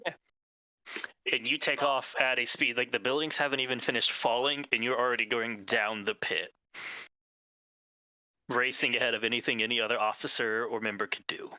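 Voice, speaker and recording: A man's voice: medium pitch, steady tone, fairly quick, pauses often, bright, forceful tone, dry recording, dull audio. A man running a tabletop game as game master, describing scenes and calling for dice rolls.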